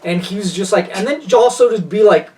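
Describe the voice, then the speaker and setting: A man's voice: sits high, a little fast, warm tone, far from the mic. A man co-hosting a casual podcast chat, gushing with enthusiasm and rambling through restarts. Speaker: podcast co-host.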